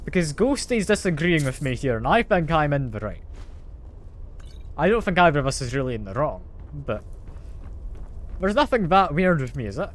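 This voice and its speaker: Lively man chatting to stream. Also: fairly high pitch, normal speed, long pauses. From Britain. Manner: chatty, talks to chat, playfully defensive. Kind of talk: casual live-stream gaming chat.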